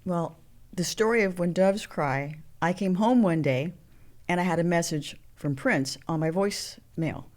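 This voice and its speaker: A woman in her sixties, a guest actress, telling animated stories and acting out the voices of people in them. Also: fairly low pitch, a little slow. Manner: animated storyteller, acts out quoted voices. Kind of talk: storytelling interview.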